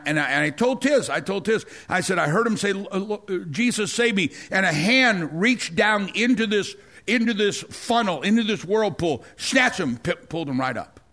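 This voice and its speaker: A man's voice: fairly high pitch, a bit bright. A middle-aged man preaching a sermon, telling a personal story with frequent stammers, repeated words and restarts. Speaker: pastor.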